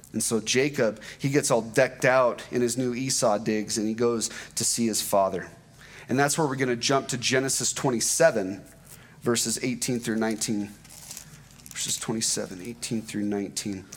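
A man giving a sermon, retelling a scripture story in a conversational, animated way with asides to the congregation. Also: mid-range voice. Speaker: preacher.

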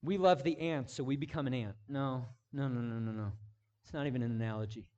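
A male pastor preaching a sermon, moving between hushed, intimate passages and loud, emphatic declarations, repeating phrases for emphasis. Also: mid-range voice, a little fast, muffled recording.

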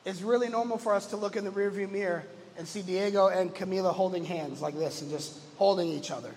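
Male pastor, 30s, high-pitched, casual storyteller; reverberant hall with faint music. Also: a little fast, darkish tone, slight background noise. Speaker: lead pastor. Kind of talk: conversational sermon. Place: church.

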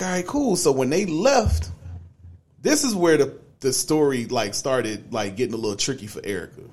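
A young man on a podcast, casually telling a long personal story, laid-back, with lots of fillers. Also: medium pitch. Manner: laid-back, many fillers like "you know what I'm saying". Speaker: podcast co-host.

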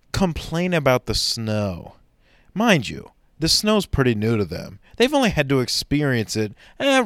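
A man's voice: mid-range voice, dry recording, clean studio sound. A man doing a stand-up comedy monologue in a sarcastic, mock-serious way.

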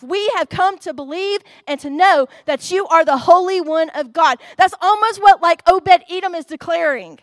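High-voiced woman preaching. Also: normal speed, few pauses, dry recording, clean studio sound. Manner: expressive, reads scripture aloud and addresses the congregation. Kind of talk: sermon. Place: church.

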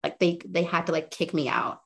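A young woman with a fairly low voice tells her story as a guest on a podcast. She talks casually, full of fillers, and slips into animated retellings of conversations. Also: brisk, breathy edge.

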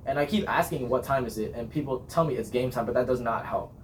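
A man's voice: medium pitch, fast talker, a little hiss or hum. A young man, a marching band captain, chatting casually on a podcast, talkative and laughing often as he acts out his cheers.

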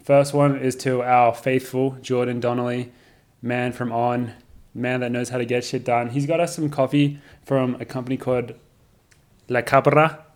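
A man's voice: medium pitch, little pitch movement, normal speed, a little mellow. Easygoing young man hosting a podcast. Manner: joking, loose, laughs easily. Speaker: podcast host. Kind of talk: casual podcast chat. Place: studio.

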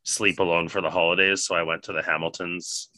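Deep-voiced man telling a profane story. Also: brisk, no echo. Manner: profane, animated, laughs while telling. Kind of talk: casual storytelling chat.

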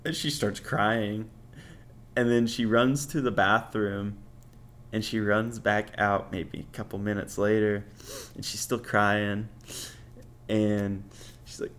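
A man's voice: lowish voice, steady tone, slow pace, pauses often, a bit bright. A young man hosting a podcast, telling stories casually and bluntly, swearing freely and laughing often. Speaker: podcast host. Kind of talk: casual storytelling.

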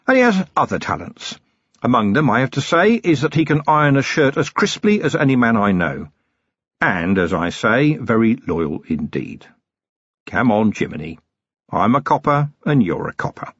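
A man reading the part of a stern, middle-aged police commander who talks in a quietly threatening, clipped and ironic way. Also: medium pitch, sing-song, moderate pace, breathy edge, dry recording, muffled recording. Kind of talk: audiobook character reading.

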